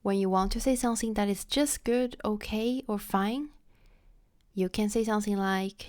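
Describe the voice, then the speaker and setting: A woman teaching Chinese in a scripted lesson, repeating each example phrase slowly and carefully for learners. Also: mid-range voice, fairly even intonation, a little mellow, dry recording, clean studio sound.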